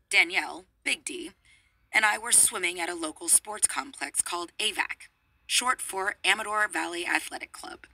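A woman reading a memoir aloud in an expressive way, adding amused asides. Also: fairly low pitch, vocal fry, breathy edge, no echo, rough recording. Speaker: reader.

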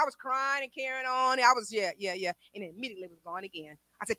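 A woman a sermon, testifying with swings from quiet talk to shouted praise. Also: high-pitched, fast, no echo. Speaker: preacher.

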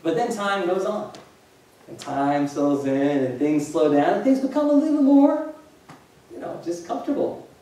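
A man's voice: a little high, expressive, moderate pace, mellow. A male pastor preaching a sermon, joking and asking the congregation questions. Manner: conversational, jokey preaching with rhetorical questions to the congregation. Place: church hall. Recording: echoey hall, distant mic.

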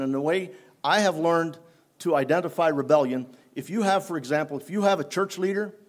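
A man preaching a sermon in church, unhurried and halting, often restarting his phrases. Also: fairly high pitch. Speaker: pastor.

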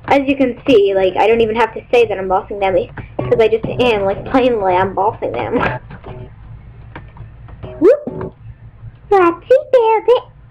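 A woman casually commenting on her own gameplay, excitable and rambling, squealing and whooping when thrilled. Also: mid-range voice, a little fast, soft background music. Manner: rambling, many fillers. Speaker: gaming channel host. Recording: dull lo-fi mic with faint hiss.

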